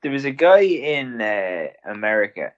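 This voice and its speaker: Blunt sweary podcast co-host. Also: male voice, mid-range voice, very animated, normal speed. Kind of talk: casual chat. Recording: dull, lo-fi sound.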